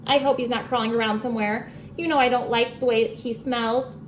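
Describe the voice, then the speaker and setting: A woman's voice: on the high side, steady tone, a little fast, slight background noise, lightly acted. Woman doing a flustered, fussy mother. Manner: fussy, scolding tone. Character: busy mother, fussing and flustered.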